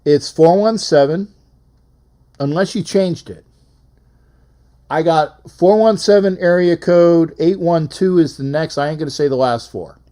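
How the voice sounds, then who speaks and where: A man hosting a live call-in sports show, chatting casually and rambling as he repeats phone numbers. His voice sits a little high. The tone is mellow and dark. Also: a little slow.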